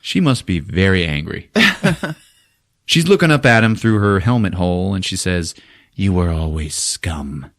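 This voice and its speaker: A man hosting a podcast, retelling a film in a casual, profane and animated way. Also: low-pitched, moderate pace. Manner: animated, swears often, acts out quotes in silly voices. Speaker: podcast host recapping a film. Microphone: podcast mic.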